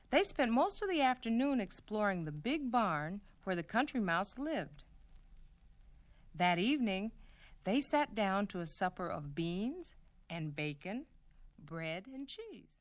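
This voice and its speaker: A woman reading a children's story aloud in a friendly, expressive way. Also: medium pitch, a little slow, no echo. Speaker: children's show host.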